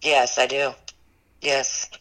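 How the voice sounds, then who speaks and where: Earnest, bright-voiced woman telling ghost stories. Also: extremely low pitch, level tone, slow pace, rough recording. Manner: earnest, rambling, heavy use of "like" and "you know". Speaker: ghost tour business owner. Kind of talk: recounting paranormal experiences in an interview.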